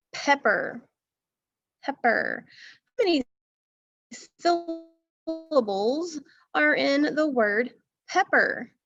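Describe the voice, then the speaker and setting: A woman's voice: high voice, lo-fi sound. A woman teacher giving an online phonics lesson from a school music room, patiently repeating words and asking questions.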